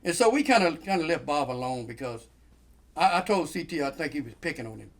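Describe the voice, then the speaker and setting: A man's voice, fairly high in pitch and quick. He's a guest storyteller sharing a long, funny anecdote in a casual chat, animated, playing out the quoted voices, and laughing often.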